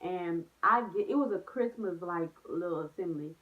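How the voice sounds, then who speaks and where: Young woman vlogging, kinda low voice, tinny phone sound, animated story telling w/ lots of slang. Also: moderate pace. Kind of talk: storytime vlog, casual chat.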